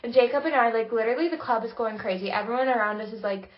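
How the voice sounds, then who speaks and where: A young woman co-hosting a podcast, telling a story with lively voiced-out quotes and frequent laughter. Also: a little high, very fast. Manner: animated storytelling, acting out quotes, laughing often. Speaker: podcast co-host. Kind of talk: casual chat. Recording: dull lo-fi recording.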